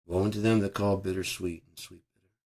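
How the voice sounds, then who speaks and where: A male vlogger with a low, raspy, gravelly voice, hoarse from heavy screaming, delivers a casual, wandering monologue at home. He talks fast in a steady tone, swearing and ranting, with bursts of loud angry shouting. The husky rasp colors every word.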